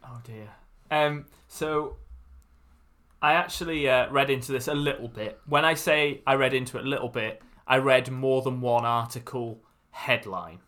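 A man with a Wrexham Welsh accent co-hosts a casual podcast. He speaks in a wry, self-deprecating way. His mid-range voice has a bright, sharp edge. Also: mid-range voice, moderate pace. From Wales. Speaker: podcast co-host. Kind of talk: casual chat.

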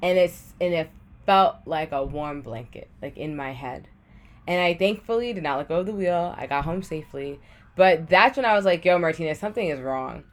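Low-voiced young woman, chatty storytelling. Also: expressive, normal speed. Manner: chatty, heavy use of "like", acts out her own past thoughts. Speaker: podcast guest sharing a personal story. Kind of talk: casual conversational storytelling.

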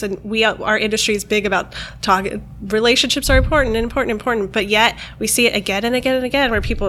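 A woman co-hosting a casual podcast chat, talkative and quick to laugh, often trailing off and restarting. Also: mid-range voice, bright, forceful tone, slight background noise. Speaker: podcast co-host.

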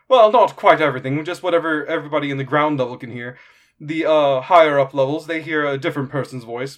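A man voicing an excitable, fawning male arena announcer who rambles eagerly. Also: on the high side, lightly acted. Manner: gushing, breathless fan, rambling.

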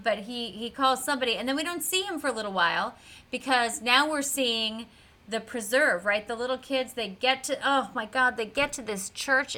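A woman co-hosts a podcast and walks through a TV episode in a chatty, animated way. Her voice sits a little high and sounds bright and crisp. She leans on fillers as she talks. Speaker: podcast co-host. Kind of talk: casual recap of a TV episode.

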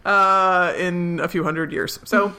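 A woman's voice: on the low side, steady tone, takes it slowly, pushed and bright, clear, resonant tone. A woman in her forties co-hosting a podcast, chatting casually about a TV episode, laughing often and trailing off into asides. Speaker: podcast co-host. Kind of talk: casual chat recapping a TV episode.

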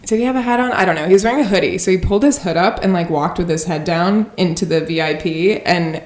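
A woman's voice: lowish voice, quick pace. A young woman co-hosting a casual chat, telling stories with lots of laughter and squealy quoted voices. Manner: giggly, animated storytelling with squealy put-on quotes.

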